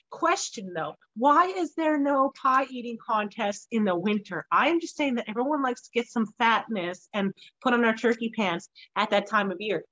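A woman hosting a podcast in a loose, joking manner, quick to laugh and tease her guest. Her voice sits a little high for a woman, and she keeps the chat casual and playful throughout. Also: fairly bright tone, lo-fi sound. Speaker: podcast host.

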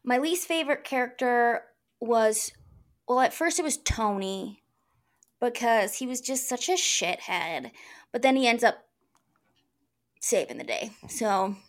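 A woman's voice: fairly high pitch, animated, a little slow, long pauses. A woman co-hosting a podcast in casual chat, blunt and opinionated and often laughing. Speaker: podcast co-host.

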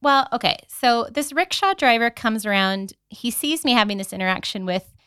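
Bright, crisp-voiced young woman telling stories. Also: a little high, moderate pace, no echo, studio quality. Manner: animated storyteller, acts out her own reactions. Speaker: podcast co-host. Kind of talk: casual chat.

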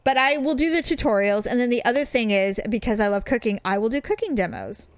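A woman's voice: on the high side, fast talker, smooth, dry recording. A woman co-hosting a casual chat, playful and blunt, joking and swearing freely. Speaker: podcast co-host.

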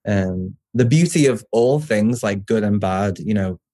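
A man's voice: lowish voice, animated, measured pace, dark tone, no room sound, clean studio sound. A young man with a Scouse accent, a poet chatting in a casual interview, rambling and restarting, swearing now and then. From Liverpool, England. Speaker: poet, guest.

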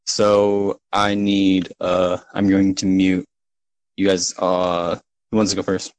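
A man narrating as game master of a tabletop game, relaxed and full of fillers. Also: deep voice, slow pace, dry recording, rough recording.

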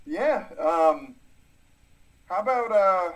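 A man co-hosting a podcast, asking questions and dropping jokey quips in easy chat. His pitch moves a lot, rising and falling as he riffs. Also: lively intonation, normal speed, rough recording. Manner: joking, throws in quips and questions. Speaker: podcast co-host. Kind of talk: casual comedic chat.

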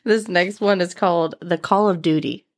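A woman's voice: lowish voice, normal speed. Giggly pregnant woman reading stories aloud. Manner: giggly, apologetic while reading. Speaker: podcast host. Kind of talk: casual chat and reading aloud.

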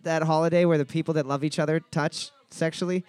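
A man hosting a bar trivia night, joking crudely between slowly read questions. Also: fairly high pitch, steady tone, a little mellow, clear, resonant tone, no room sound. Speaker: trivia night quiz host.

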